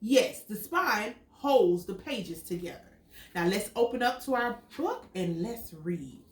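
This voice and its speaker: A woman's voice: mid-range voice, a little slow. A woman teacher reading a picture book aloud to young children, acting out the sound words and stopping to quiz them. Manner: expressive storytelling, acts out sound words and quizzes children. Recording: echoey room, mic at a distance.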